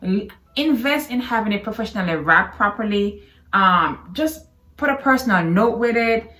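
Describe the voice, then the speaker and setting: A woman's voice: mid-range voice, animated, moderate pace, sharp tone, roomy sound. A woman chatting casually with her husband, playful and teasing, laughing often. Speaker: co-host.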